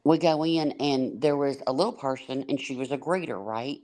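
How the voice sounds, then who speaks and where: A woman's voice: very deep voice, moderate pace, dark tone. Blunt woman telling stories. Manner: laughing, blunt storyteller. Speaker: livestream panel host. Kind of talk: casual storytelling on a panel.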